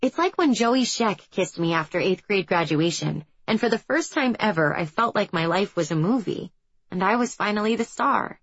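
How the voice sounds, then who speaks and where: A young adult woman reading a first-person story as an audiobook narrator, in an even, reflective storytelling manner. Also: medium pitch, normal speed, breathy edge, no echo, highs cut off.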